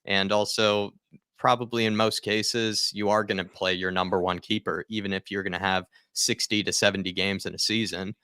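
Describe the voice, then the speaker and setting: A man with a low, bright, forceful voice hosts a casual fan podcast. He rambles and leans on fillers as he talks over a remote call. The sound is dry and close. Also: level tone, normal speed, clean tone, dry recording. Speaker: podcast host.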